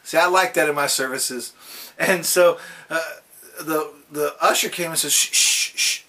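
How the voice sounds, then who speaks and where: Speaking at normal speed, a man gives a daily devotional in a high, bright and forceful voice, sharing homespun stories as he goes. His mic sounds a bit far away, and there's slight hiss or hum.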